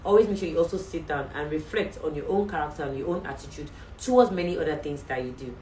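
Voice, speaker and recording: A Nigerian woman hosts a faith show and speaks in an earnest, exhorting, chatty way. Her voice sits a little low. She is recorded a step away from the mic in a roomy space with a faint hum behind her. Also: fast talker, dark tone, distant mic. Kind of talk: livestream sign-off talk.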